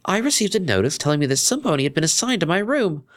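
Brief: a well-bred mare cellist, very high, polite and eager, as a male reader puts her on. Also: very animated, very fast, fairly bright tone. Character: poised well-bred female pony cellist. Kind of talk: fan fiction reading.

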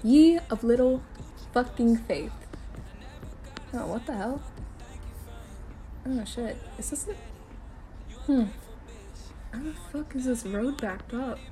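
Sweary woman insisting she's calm. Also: a little high, takes it slowly, long pauses, faint music behind. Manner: sweary, talks to the listener, insists she is calm. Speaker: girlfriend driving her partner home. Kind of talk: first-person role-play skit. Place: in a car.

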